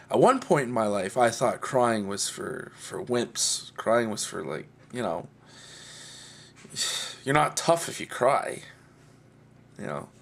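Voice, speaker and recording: A man speaks to camera in a personal video blog. His delivery is earnest and heartfelt. He talks slowly and lets his voice rise and fall a great deal. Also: mid-range voice. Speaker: video blogger.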